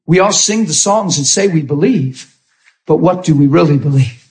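A man preaching a sermon with fervour, often shouting and calling out to his congregation. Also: on the high side, moderate pace, low-quality recording. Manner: calls out to the congregation.

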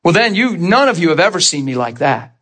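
A middle-aged preacher giving a sermon testimony, telling his story in an animated way, acting out voices and laughing often. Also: fairly high pitch, a little fast.

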